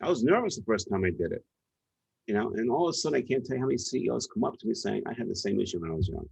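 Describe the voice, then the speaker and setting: A man's voice: on the low side, lively intonation, rapid-fire, vocal fry, a little mellow, slightly rough, no room sound. A man with a New York accent, a guest in an interview, telling stories emphatically and directly. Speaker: guest, leadership author and speaker. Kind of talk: conversational interview. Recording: dull lo-fi sound.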